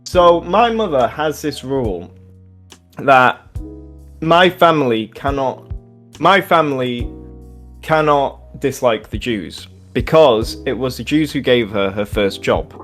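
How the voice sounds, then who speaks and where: A young man co-hosting a casual podcast, rambling through work stories with plenty of swearing and laughter. His voice sits at an ordinary middle pitch. Faint music plays underneath. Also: lively intonation, slow pace, a bit bright. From England. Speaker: podcast co-host. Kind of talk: casual storytelling chat.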